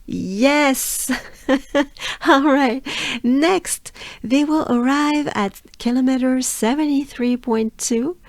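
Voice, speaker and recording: French lady coaching you through names super slow, drawn-out syllables, dry close sound. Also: mid-range voice, expressive, a little mellow, no room sound. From France. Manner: encouraging, coaxing listeners to repeat along. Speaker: pronunciation coach. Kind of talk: pronunciation lesson.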